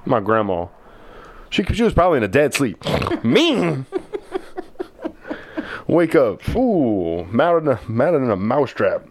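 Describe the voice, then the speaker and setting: A man, casually telling animated stories as a podcast co-host and acting out his relatives. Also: mid-range voice, normal speed. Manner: animated storyteller who acts out family members' voices. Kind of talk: casual storytelling chat.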